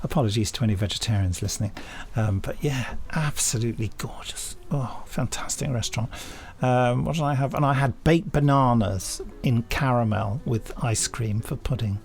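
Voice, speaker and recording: A man's voice: mid-range voice, normal speed, gravelly, hardly any pauses, a little mellow. An English man co-hosting a podcast in casual chat, gushing and laughing often. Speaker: podcast co-host.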